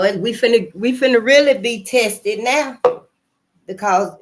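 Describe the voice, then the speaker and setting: A woman hosting her channel, talking casually to her audience, often repeating herself and trailing off mid-thought. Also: a little high. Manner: loose, conversational, trailing off and repeating phrases. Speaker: channel host. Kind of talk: casual spoken commentary.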